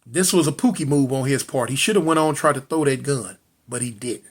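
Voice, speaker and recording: A man's voice: mid-range voice, brisk, breathy edge. A man telling a street story dramatically, repeating lines, calling out to listeners and voicing gunshot sounds. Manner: addresses listeners directly.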